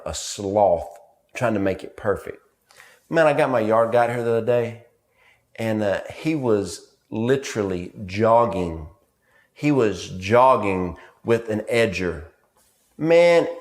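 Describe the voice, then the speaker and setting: A man preaching a sermon, telling family stories with rhythmic, repeated emphasis. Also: lowish voice. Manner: storytelling with family anecdotes.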